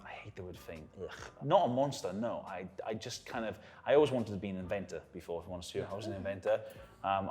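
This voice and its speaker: A young Welsh man telling stories in a casual interview, animated and acting out the people he quotes. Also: fairly low pitch. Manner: animated storyteller who acts out quotes. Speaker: guest.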